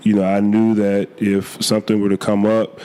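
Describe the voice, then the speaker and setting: A young man, a college football player, answering interview questions earnestly, a little hoarse from a cold, with many fillers and restarts. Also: lowish voice, completely flat delivery, normal speed, dark tone. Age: young adult.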